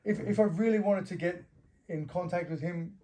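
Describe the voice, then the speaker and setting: A man's voice: high-pitched, normal speed, warm tone. A middle-aged man from Australia, a former fighter, telling loose anecdotes as an interview guest, laughing often and swearing freely.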